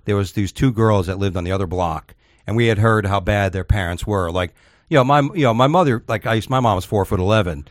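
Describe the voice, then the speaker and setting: A man's voice: lowish voice, quick pace, hardly any pauses, no echo, studio quality. A man hosting a radio talk show, telling stories in a rambling, casual way with many restarts and fillers. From Florida.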